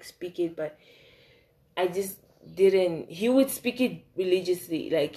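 Chatty young woman. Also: lowish voice. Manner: chatty and animated, lots of fillers and swearing. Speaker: vlogger. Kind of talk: casual storytime.

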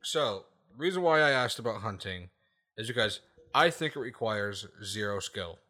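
A man's voice: fairly low pitch, animated, normal speed, bright, forceful tone. A man hosting a casual podcast, ranting emphatically with lots of swearing and repeated "okay?" checks. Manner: profane, laughs at his own points.

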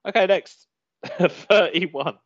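Guy chatting and laughing, flat dry sound, kinda lo-fi. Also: high-pitched, very slow, no echo. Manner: laughs often, reads items aloud. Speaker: podcast co-host. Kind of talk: casual chat, reading out a list. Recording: dull lo-fi sound.

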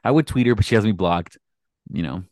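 A man's voice: on the low side, a little fast, a little mellow, dry recording, studio quality. A man co-hosting a casual podcast, gossiping and swearing with lots of "like". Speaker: podcast co-host. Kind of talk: casual chat.

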